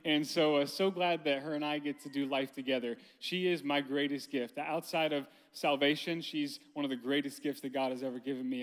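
Speaking fairly quickly with hardly any pauses, this thirties-aged man has a high voice and steady tone. At a large conference hall with long reverb, he shares a funny family story in his sermon, addressing listeners directly.

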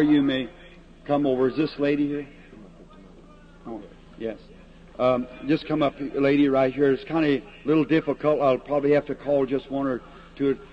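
A man preaching a revival sermon and calling people up for prayer, in a folksy, plain-spoken, earnest way. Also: medium pitch. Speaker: evangelist preacher. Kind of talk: old-time revival sermon and prayer line. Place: large meeting hall before an audience. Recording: dull lo-fi archival tape with faint hiss.

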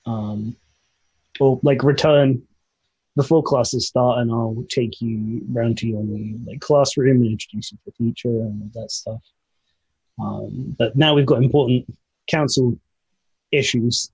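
A man's voice: mid-range voice, fairly even intonation, measured pace, a little mellow, husky, low-quality recording. A man voicing a self-important young male student council president, eager and officiously polite.

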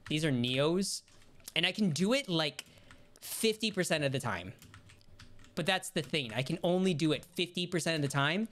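A woman streamer giving casual commentary over her gameplay, talking to herself and swearing and yelling when she gets frustrated. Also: low-pitched, lively intonation, moderate pace. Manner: talks to herself while playing. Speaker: gaming streamer.

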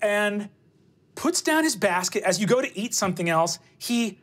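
A woman narrating as game master of a tabletop game, lively and full of fillers. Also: mid-range voice, normal speed.

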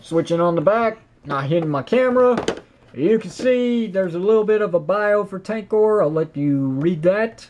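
A man with a high-pitched voice talks through a product review in a casual, chatty way. He is opinionated and enthusiastic, with frequent praise. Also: animated, normal speed, noisy background. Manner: chatty and opinionated, with fillers like "you know". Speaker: toy reviewer.

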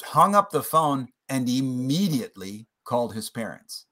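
A man guest on an interview podcast, telling a personal family story in an earnest, reflective way that slows on emotional points. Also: mid-range voice, sing-song, bright, forceful tone. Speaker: podcast guest, playwright and author.

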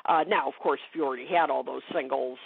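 A woman's voice: very deep voice, steady tone, fast, vocal fry, husky, no echo. A woman speaking as a guest expert in a casual interview chat, talking with many fillers and restarts. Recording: dry phone-like call audio.

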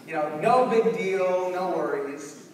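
A young man giving a storytelling keynote in a large conference hall, animated and acting out scenes. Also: high-pitched, slow, a little hiss or hum. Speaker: keynote speaker. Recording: echoey hall from far off.

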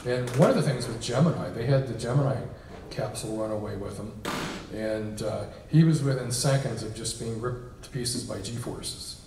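A man's voice: mid-range voice, moderate pace, noisy background. Man lecturing in an echoey hall. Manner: conversational, with frequent ums and uhs. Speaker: guest speaker. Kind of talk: informal lecture. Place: reception hall with an audience. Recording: echoey hall, mic at a distance.

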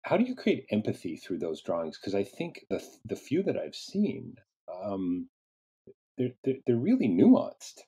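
A man hosting an interview over a video call, earnest and halting, with many restarts. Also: lowish voice, wildly swooping pitch, dark tone, slightly rough. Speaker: interview host.

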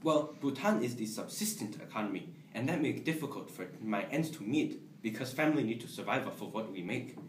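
A young man playing a humble, hopeful job applicant who speaks in simple, halting phrases in an amateur comedy sketch. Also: medium pitch, expressive, close to an everyday voice. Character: humble, hopeful male applicant Mister Yoon. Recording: roomy, distant, faint background noise.

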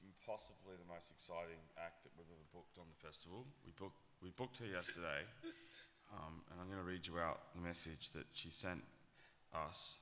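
Brief: excited man on a festival panel, swears, acts out quotes, forceful bright voice, hall reverb. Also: low-pitched, slight background noise. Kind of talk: conference panel talk.

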